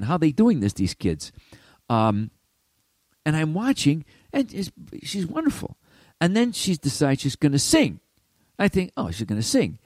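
An older man talks on his own show in a loose, rambling monologue, often stopping and restarting. His voice swoops up and down with lively energy. The sound is dry and close. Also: medium pitch, no room sound. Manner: animated, self-interrupting storyteller. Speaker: podcast host.

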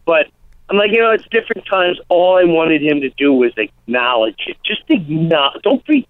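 Comedian guy chatting on the radio, acts out quotes, bit high, sounds like over the phone. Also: moderate pace, no room sound. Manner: animated storytelling, acts out quotes. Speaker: comedian guest. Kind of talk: casual radio interview. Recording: tinny phone-line sound.

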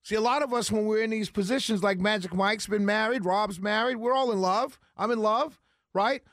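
A man's voice: high-pitched, moderate pace, a bit bright, dry recording. A man hosting a talk radio show, talking in an emphatic, rambling way straight to his listeners on a studio mic. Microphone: studio broadcast mic.

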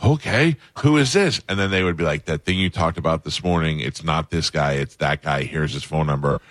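Very low-voiced radio host. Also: male voice, flat delivery, a little fast, fairly bright tone, dry recording. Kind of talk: casual radio interview. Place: radio studio.

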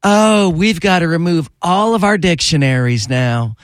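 A prissy Southern school official whines in a high, sing-song drawl, as a man on talk radio mocks her. The voice is dry and close, and the fuss is laid on thick. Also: unhurried, dry recording, lightly acted. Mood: mocking. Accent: Southern US, put on. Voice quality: mocking, whiny sing-song. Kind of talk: mocking impression on talk radio.

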